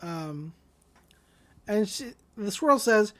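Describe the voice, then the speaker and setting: A young woman co-hosting a podcast, casually recapping an anime episode and slipping into quick voices for each character. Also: medium pitch, expressive, fairly bright tone. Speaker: podcast co-host.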